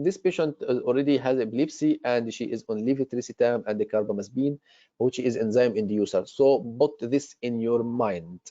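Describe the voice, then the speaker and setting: A man's voice: mid-range voice, brisk, mellow, no echo. A man tutoring for a medical exam, explaining role-play tasks with many fillers and restarts. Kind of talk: online exam-prep lesson. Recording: dull lo-fi recording.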